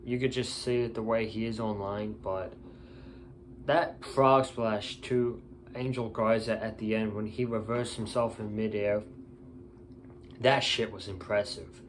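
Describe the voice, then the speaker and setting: A man's voice: fairly low pitch, steady tone, a little slow, slight background noise. A tired man giving a casual, opinionated wrestling show review, blunt and ranting.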